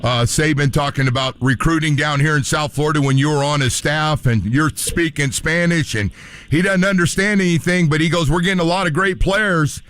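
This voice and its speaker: A man's voice: fairly high pitch, a bit bright, dry recording. A man hosting a radio show, asking long rambling questions full of fillers. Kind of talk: radio interview.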